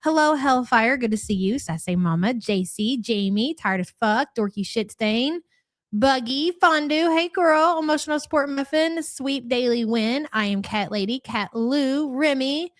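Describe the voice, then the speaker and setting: A woman's voice: high-pitched, measured pace, no room sound, studio quality. A woman hosting a morning live stream, chatting casually, rattling off viewer names and swearing bluntly.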